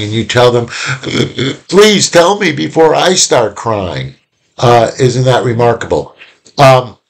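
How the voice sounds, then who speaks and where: New guy lecturing from home, rambly and chatty, lots of uhs and restarts, regular pitch. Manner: rambling, conversational, many fillers and restarts. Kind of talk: casual recorded lecture. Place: home room.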